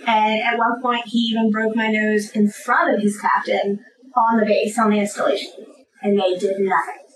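A woman guest giving personal testimony in an interview, earnest and emphatic, with halting restarts. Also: medium pitch, level tone, a crowd in the background, poor audio.

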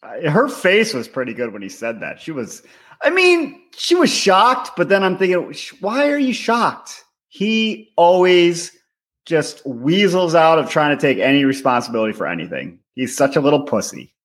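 A man's voice: a little high, sing-song, moderate pace, fairly bright tone. A man co-hosting a podcast, blunt and profane in casual chat. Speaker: podcast co-host.

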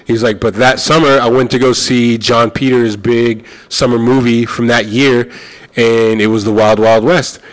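A young adult man telling a story in casual chat, animated and swearing, acting out the other people's lines. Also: mid-range voice, normal speed.

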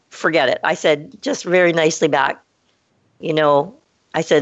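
Speaking a little slowly and pausing often, a podcast co-host tells a story in a casual chat. She is animated and voices the dialogue herself, and the sound is dull, dry, low-fi, and free of echo.

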